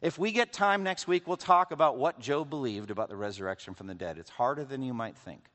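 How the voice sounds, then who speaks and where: A man's voice: medium pitch, animated, brisk, fairly bright tone. A man preaching a sermon as pastor, reading scripture aloud with conversational, wry asides to the congregation. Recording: long reverb of a large hall.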